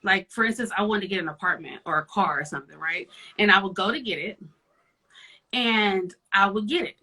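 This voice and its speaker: Bright, animated woman telling her story. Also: mid-range voice, brisk, rough recording. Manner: lively confessional storytelling. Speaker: guest. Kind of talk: casual chat.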